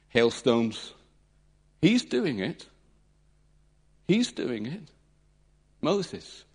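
Animated male preacher, lively pitch. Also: drawn-out words, pauses often, husky. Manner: animated, dramatic retelling with acted-out voices. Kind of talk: sermon.

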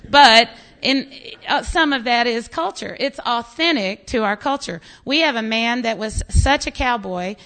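A woman's voice: a little high, a little slow, hardly any pauses. An American woman pastor preaching a sermon, telling stories with quoted voices. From United States. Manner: animated storytelling with quoted voices and laughs.

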